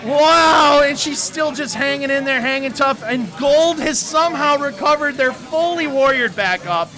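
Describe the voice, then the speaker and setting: A man casting a live tournament game, shouting in hyped excitement, with a cheering crowd and music behind him. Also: extremely high pitch, normal speed. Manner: shouting, hyped, loud exclamations. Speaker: esports caster.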